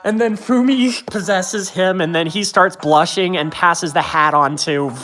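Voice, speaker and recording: A woman's voice: on the low side, unhurried, fairly bright tone. A young woman streamer chatting casually about a show, rambling and correcting herself, with frequent giggles. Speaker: game streamer. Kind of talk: casual game commentary.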